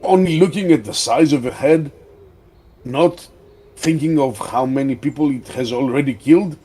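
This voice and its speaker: A man voicing a gruff, blunt village man who is coarse and loud in a tabletop game. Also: mid-range voice, slow pace. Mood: indignant.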